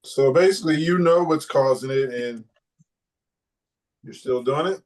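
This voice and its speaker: A man hosts a casual podcast conversation in an easygoing way, poking fun at his guests. His voice sits at an ordinary middle pitch with an even, relaxed delivery. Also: unhurried. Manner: easygoing, teasing. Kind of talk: casual chat.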